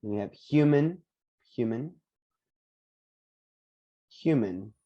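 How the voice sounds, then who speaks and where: A man teaching English pronunciation on a video call, patiently repeating each word slowly for his students. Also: medium pitch, lively intonation, lo-fi sound. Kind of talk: online pronunciation lesson.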